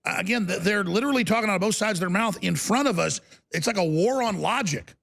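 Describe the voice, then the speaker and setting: A man's voice: high-pitched, creaky, a bit bright. A man hosting a political talk show, talking in an emphatic, incredulous way. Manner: emphatic, incredulous, fast-shifting delivery.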